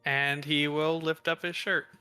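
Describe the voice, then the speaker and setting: A man talks softly and unhurriedly as his character in a tabletop game, his voice on the bright, higher side. He sounds polite and careful, and faint music plays behind him. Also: level tone, clear, resonant tone, no echo. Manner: quiet, measured, polite. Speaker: player.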